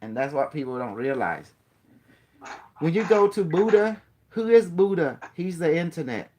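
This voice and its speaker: A man's voice: fairly high pitch, very animated, normal speed, a little mellow. A man giving a casual spiritual talk. He rambles, repeats himself and keeps asking his listener questions. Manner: rambling, repetitive, breaks into playful chanting.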